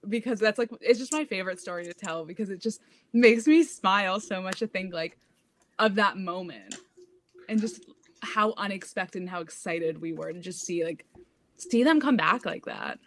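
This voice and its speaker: A woman's voice: mid-range voice, moderate pace, a little hiss or hum. A young woman co-hosting a casual sports podcast, telling a family story in a chatty way. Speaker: podcast co-host.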